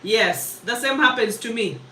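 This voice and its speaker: A woman runs a live public speaking mentorship session. She talks quickly and with emphasis, chatty and full of laughter. Her voice sits a little back from the mic in a roomy space with a faint hum of ambience. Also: fairly high pitch, bright, forceful tone, distant mic.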